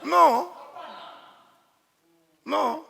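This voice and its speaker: High, gravelly-voiced man preaching. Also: drawn-out words, bright, forceful tone. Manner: emphatic preaching, shifts into Swahili asides. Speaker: pastor. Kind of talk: sermon. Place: church. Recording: echoey church hall.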